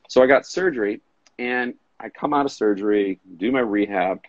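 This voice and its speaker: A man's voice: fairly low pitch, normal speed, no echo. A man talking as a fitness coach guest in a casual live video chat, telling stories and joking. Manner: storytelling, animated quoted voices, joking. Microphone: live stream audio. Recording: dull, lo-fi stream audio.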